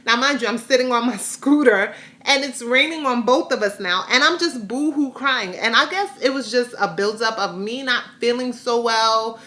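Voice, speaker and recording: A woman's voice: fairly high pitch, normal speed, pushed and bright. A woman vlogger, mother of a grown son, candidly retelling a hard day with rambling restarts. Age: adult, has a grown son. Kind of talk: personal storytelling vlog.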